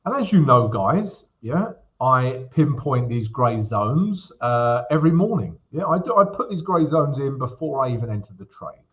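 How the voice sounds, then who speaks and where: A man's voice: mid-range voice, muffled recording. An upbeat, chatty man hosting a trading livestream, greeting viewers by name and walking through charts. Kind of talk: casual livestream chat and chart walkthrough.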